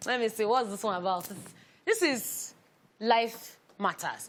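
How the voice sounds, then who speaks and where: A woman's voice: a little high, very animated, moderate pace, a bit bright. A woman with a Nigerian accent, co-hosting a TV chat show in a studio, reading posts aloud and joking about them. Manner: reads posts aloud, then jokes. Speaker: co-host reading social media posts.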